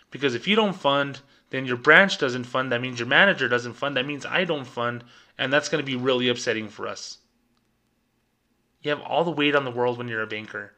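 A young man holds forth on his podcast in an exasperated rant. His voice is bright and edged, and his pitch sits in an ordinary middle range. He keeps breaking into short impressions of managers and customers. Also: fairly quick. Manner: exasperated, acts out bosses and customers mid-rant. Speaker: podcast host. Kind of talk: ranting commentary.

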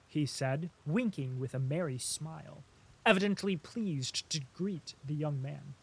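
A man narrating a classic novel in a measured, steady way. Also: on the high side, vocal fry, slightly rough, no echo. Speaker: audiobook narrator. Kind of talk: scripted narration.

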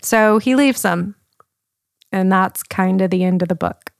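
A young woman co-hosting a podcast in easygoing chat, quick to laugh as she walks through a plot. Her voice sits at an ordinary pitch. The sound is dry and close, with no room around it. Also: creaky, no room sound. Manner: chatty, laughs often, recounts plots with quoted asides. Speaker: podcast co-host. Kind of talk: casual chat.

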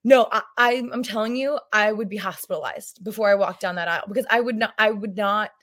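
A woman's voice: medium pitch, a little fast, a bit bright. Rambling, laughing woman guest. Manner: rambling, self-interrupting, laughs often. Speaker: podcast guest. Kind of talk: casual chat.

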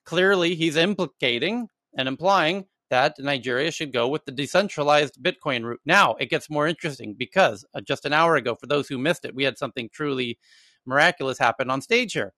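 Bright, animated male chat host. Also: a little high, fairly quick, dry recording. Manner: animated storytelling, profane. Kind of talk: casual live audio chat.

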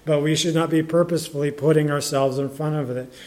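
Halting, conversational preacher man. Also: on the high side, steady tone, darkish tone. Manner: conversational, halting, many restarts and fillers; reads scripture in older English. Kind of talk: sermon.

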